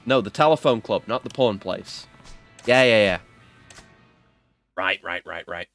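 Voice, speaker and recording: A man's voice: lowish voice, animated, a little slow, a bit bright, soft background music. A man giving casual, rambling, self-mocking commentary while playing a video game. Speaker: game streamer.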